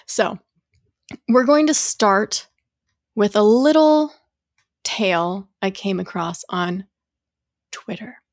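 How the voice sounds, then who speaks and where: A young woman co-hosting a chatty podcast, with a voice in the middle range for a woman. She is playful and cusses freely, and she drops into hushed tones when she reads a creepy story. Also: medium pitch, slow, long pauses, dry recording. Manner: playful, swears casually, reads a spooky tale in a hushed voice. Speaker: podcast co-host. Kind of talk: casual chat, reading a story aloud.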